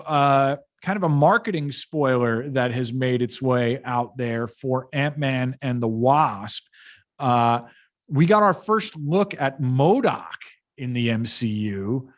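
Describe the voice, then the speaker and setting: A man hosts a podcast panel in a slightly high voice. He speaks slowly and in a relaxed, chatty way, with plenty of fillers. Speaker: podcast host. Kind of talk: casual panel chat.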